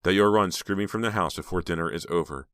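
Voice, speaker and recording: A man's voice: sits low, fast talker, a bit bright, no room sound, clean studio sound. A man reading an audiobook, voicing a bitter, anxious teenage girl in a raised, pleading voice.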